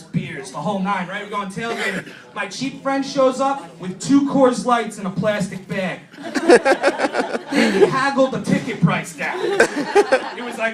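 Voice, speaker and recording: A high-voiced young man from New York tells crude jokes on a comedy club stage. He rambles and acts out his friends in quick voices. The sound is roomy and picked up from a distance, with the crowd audible behind him. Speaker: stand-up comedian. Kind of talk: stand-up comedy set.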